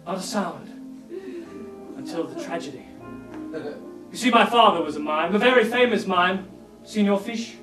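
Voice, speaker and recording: A man's voice: sits high, animated, a little slow, long pauses. A man playing a melodramatic talkative mime. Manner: theatrical, overwrought storytelling. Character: grief-stricken talkative male mime, melodramatic and pleading. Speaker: stage comedy actor. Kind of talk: live sketch comedy performance. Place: theater stage before a live audience. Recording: echoey live stage audio from far off, loud music and audience laughter.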